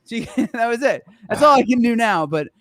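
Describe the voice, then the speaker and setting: High-voiced, rambling podcast co-host man. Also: lively intonation, normal speed, a bit bright, no room sound, clean studio sound. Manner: rambling, laughing, swearing freely. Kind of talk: casual chat.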